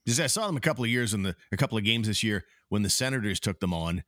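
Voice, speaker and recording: Low-ish voice, guy hosting a sports podcast, calm and thoughtful, dry sound. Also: dry recording. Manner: measured and reflective. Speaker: podcast host. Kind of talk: casual sports chat.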